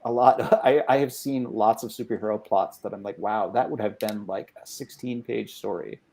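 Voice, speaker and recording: A man with a fairly low voice talks through his points at a loose, thinking-aloud rhythm. He fills gaps with fillers and restarts, then chimes in with brief agreements. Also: moderate pace, dark tone. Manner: thoughtful, with frequent fillers and affirming backchannels. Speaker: guest game designer. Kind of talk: casual chat.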